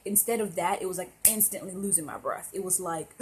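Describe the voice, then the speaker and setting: A woman's voice: fairly low pitch, a little fast, slight background noise. A young woman telling a personal story to camera in a casual, emotional, rambling way, with lots of fillers and restarts. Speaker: vlogger.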